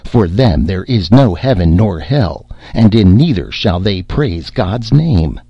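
A man's voice: low-pitched, expressive, slow pace, breathy edge, no echo, muffled recording, heavily acted. A man voicing a stern, zealous old priest who rebukes in thundering archaic speech. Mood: fervent.

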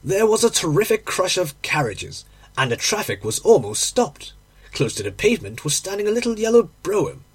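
A man narrates a classic short story in a husky voice that sits a little high for a man. His pitch swings widely from line to line. He slows on key phrases and drops low on the dialogue tags.

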